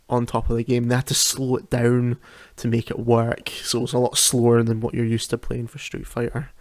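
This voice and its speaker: A man's voice: medium pitch, dry recording. A man hosting a solo podcast from home, chatting casually, often laughing and restarting his sentences. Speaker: podcast host. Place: home at night.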